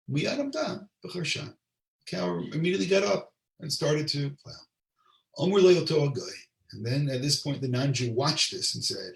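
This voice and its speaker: A rabbi teaches a Torah class, reading Hebrew and translating each line into English with asides to his audience. His voice has a gravelly edge. It sounds roomy and a little distant from the mic. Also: mid-range voice, expressive, normal speed. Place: lives in Israel.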